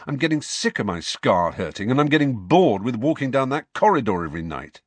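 A man's voice: medium pitch, very animated, fairly quick, no echo. A man doing a fed-up teenage schoolboy. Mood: irritated. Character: frustrated teenage schoolboy, weary and defensive. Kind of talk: audiobook character reading.

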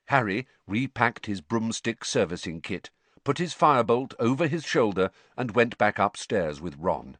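With an expressive, storytelling delivery, a man reads an audiobook aloud. He speaks at normal speed in a lowish voice, and the recording is dry.

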